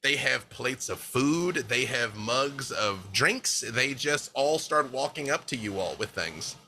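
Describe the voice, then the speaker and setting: A man narrating a tabletop game as dungeon master, animated and often laughing. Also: medium pitch, slight background noise. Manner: animated, laughing, quick asides.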